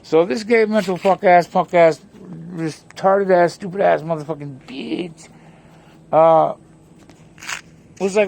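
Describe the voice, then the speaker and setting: A man's voice: high-pitched, unhurried, creaky, a little mellow, slight background noise. A man vlogging an angry, profane rant, telling a story packed with insults. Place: home, near a pet cat.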